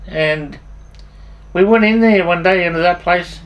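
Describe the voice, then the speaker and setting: An older man with an Australian accent and a fairly high voice tells rambling stories from his life. He swears freely, restarts his sentences mid-thought and chuckles at his own anecdotes. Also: a little slow, dull audio. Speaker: storyteller.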